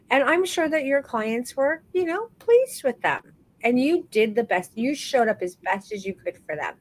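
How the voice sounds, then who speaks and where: A woman hosting a live online photography class, talking warmly and encouragingly to her students, calling them "baby" and stretching out words for emphasis. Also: a little high, sing-song, normal speed, hardly any pauses, low-quality recording. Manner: warm encouraging, calls people baby. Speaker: photography course instructor.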